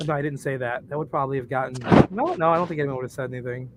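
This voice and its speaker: A man's voice: on the high side, rapid-fire, hardly any pauses, noisy background. Crude, joking man telling stories on a podcast. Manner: crude, joking storyteller who laughs at his own stories. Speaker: podcast co-host. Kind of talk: casual chat.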